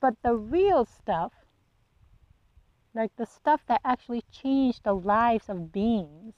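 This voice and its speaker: Woman, fairly high voice, blunt rant, swearing, rhetorical questions, dry muffled recording. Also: lively intonation, slow, dry recording. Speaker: podcast host. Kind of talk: casual solo monologue.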